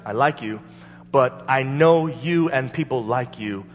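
A man's voice: mid-range voice, measured pace, a little hiss or hum, close to an everyday voice. A man voicing a good-natured but wary male frog from a fable, talking hesitantly, in a hall with long reverb. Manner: hesitant, reluctant.

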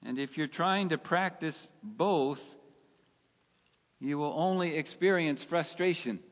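A male pastor preaching a sermon, slow and emphatic, asking his listeners rhetorical questions. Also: on the high side. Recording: long hall reverb.

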